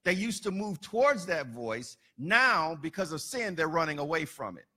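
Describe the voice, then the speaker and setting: Bright-voiced man preaching emphatically. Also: on the high side, big pitch swings, normal speed. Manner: emphatic, building repetition with loud peaks; colloquial asides. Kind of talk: sermon.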